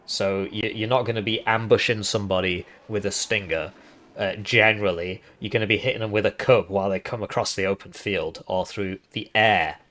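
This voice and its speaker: A man with a hoarse, tiring voice, casually explaining strategy game tactics and often adding "right?". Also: lowish voice, fairly even intonation, fairly quick, fairly bright tone. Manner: chatty, explanatory, tag questions. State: hoarse, voice giving out. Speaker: gaming video host.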